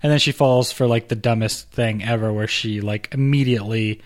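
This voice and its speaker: A man's voice: fairly low pitch, steady tone, normal speed. A man co-hosting a podcast, talking casually about a film in a wry, joking way with stammered restarts. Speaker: podcast co-host.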